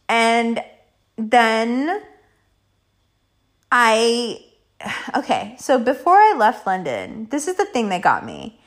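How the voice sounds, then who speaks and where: A woman's voice: a little high, very animated, drawn-out words, pauses often. A woman hosting a podcast, telling a personal story in a rambling casual way, full of "like" fillers, swearing and laughter. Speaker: podcast host.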